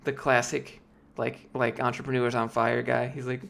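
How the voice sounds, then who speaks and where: His mid-range voice carries vocal fry and a slight brightness, delivered flatly at a moderate pace. A late-twenties man from Georgia who's losing his voice, he rambles casually through live-stream chat questions, heavy on fillers and restarts.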